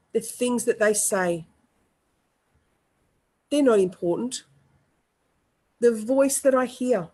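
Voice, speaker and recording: A woman, an EFT practitioner, leading a guided group tapping session with slow, repeated affirmations and coaching participants by name. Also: fairly high pitch, darkish tone.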